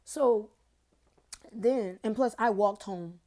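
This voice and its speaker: A woman's voice: medium pitch, slow, a little mellow. A young woman tells a personal story straight into her phone in a loose, rambling way. She talks in slang and keeps turning to her viewers directly. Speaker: TikTok storyteller. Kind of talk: casual storytime rant.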